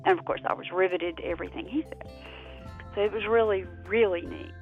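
A woman from South Carolina telling a personal story in an earnest, halting way. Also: mid-range voice, narrow, tinny audio, soft background music. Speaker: guest.

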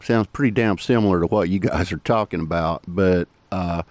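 A man's voice: low voice, moderate pace, a little mellow, no room sound. A man with a Southern US accent hosting a podcast, narrating and interviewing in an easygoing storytelling way. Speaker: podcast host.

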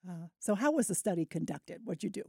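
A woman's voice: fairly low pitch, animated, quick pace, vocal fry, mellow, breathy edge, no echo, studio quality. A woman hosting a public radio show, introducing a guest and asking short, friendly questions.

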